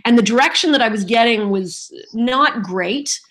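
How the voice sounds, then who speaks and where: A middle-aged woman, a voice actress guest on a podcast, telling lively stories and acting out voices and quotes in casual chat. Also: fairly high pitch, normal speed. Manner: lively storyteller who acts out voices and quotes.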